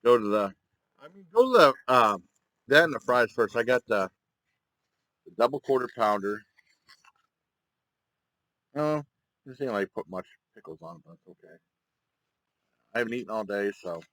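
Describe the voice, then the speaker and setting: A man talking casually to his viewers in a rambling, halting way with many fillers while eating. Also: mid-range voice, expressive, a bit bright, dry recording, rough recording. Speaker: mukbang vlogger.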